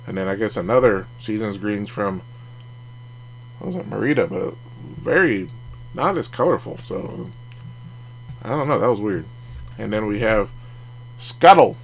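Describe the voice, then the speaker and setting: Here the card collecting channel host talks at a normal speed in a fairly low voice, pausing often, with slight background noise behind him. It's a casual card review vlog, and he's chatty, dropping jokes along the way and chuckling at what he says.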